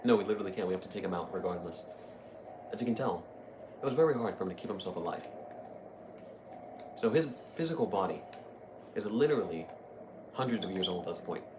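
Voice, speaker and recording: A man's voice: sits low, animated, fast talker, long pauses, background noise. A young man giving casual, chatty commentary while playing a video game, easily amused. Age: young adult. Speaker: gaming video host. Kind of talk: casual let's-play commentary.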